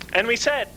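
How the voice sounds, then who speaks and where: A man's voice: high-pitched, sharp tone, slight background noise, low-quality recording. A man giving a conference lecture, asking rhetorical questions and answering them himself, building emphatic lists.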